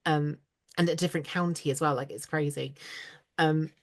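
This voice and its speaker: Low-voiced English woman with an RP accent. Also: fairly even intonation, moderate pace. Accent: southern English, received pronunciation. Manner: chatty, many fillers and laughs. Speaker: voice actor guest. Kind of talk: casual interview chat. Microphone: video call.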